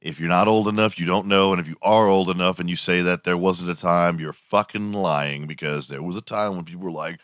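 Low-voiced man rambling on a podcast. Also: steady tone, fairly quick, few pauses, fairly bright tone, dry recording, studio quality. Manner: rambling, profane, joking, slips into silly impressions. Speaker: podcast host. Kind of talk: casual solo podcast monologue.

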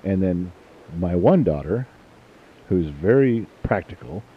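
A middle-aged man hosts a family podcast in a low-pitched voice, blunt and fond of cursing and teasing. He tells stories in a loose, joking way. The recording sounds muffled and lo-fi. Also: lively intonation, takes it slowly, husky. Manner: blunt, profane, jokey storyteller. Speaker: podcast host and father. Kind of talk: casual family podcast chat.

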